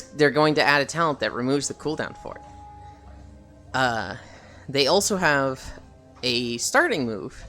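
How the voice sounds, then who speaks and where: A man's voice: medium pitch, pushed and bright. A man streaming while walking, chatting casually about a video game with lots of fillers and casual swearing.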